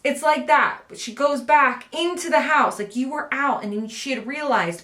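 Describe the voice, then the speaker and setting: A woman's voice: sits high, normal speed, hardly any pauses, bright, forceful tone, reverberant. A woman talking casually and animatedly as a book vlogger, laughing often as she reviews a horror novel.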